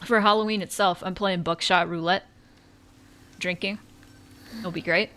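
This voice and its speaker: A woman streamer chatting casually during a horror game, telling rambling, animated stories and yelping at scares. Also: lowish voice, normal speed, smooth. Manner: rambling, animated storytelling with sudden yelps. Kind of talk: casual live-stream chat.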